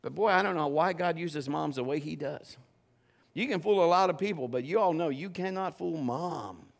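A middle-aged man preaching a sermon in a church, telling stories and acting out the quotes in lively voices. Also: a little high, moderate pace, creaky. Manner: animated storytelling with acted-out quotes. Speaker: pastor.

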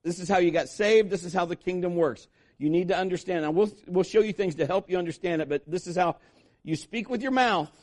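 A man's voice: high-pitched, brisk, a little mellow. A man preaching a sermon as pastor, emphatic and repetitive, acting out quoted voices.

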